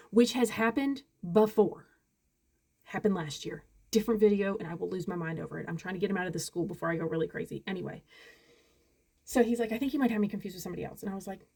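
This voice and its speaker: A fed-up mother in her forties vents straight to camera in a casual rant. She talks fast and acts out both sides of conversations in quick bursts. Her voice sits at a middling pitch, with exasperation running under every line. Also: darkish tone. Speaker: parent vlogger.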